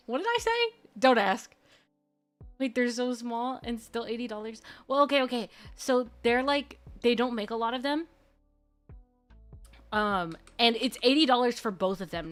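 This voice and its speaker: A woman streamer chatting casually, gushing and rambling excitably. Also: on the high side. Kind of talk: casual live-stream chat. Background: faint background music.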